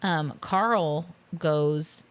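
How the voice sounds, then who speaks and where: Low-voiced female podcast co-host, casual recap, giggly and chatty. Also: extremely slow, clear, resonant tone. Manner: chatty, laughs often, quotes characters in silly voices. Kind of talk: casual movie recap chat.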